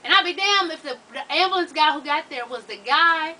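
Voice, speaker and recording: A woman with a drawl tells her viewers a story in an animated, profane way. Her voice is highish and bright. She sits a bit back from the mic, with faint room noise behind her. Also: a little fast, far from the mic, rough recording. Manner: profane, animated, laughs while telling. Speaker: vlogger.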